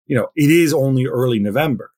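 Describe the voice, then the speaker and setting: A man giving opinions as a football pundit in a casual podcast discussion, animated and thinking aloud. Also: mid-range voice, fast talker, husky.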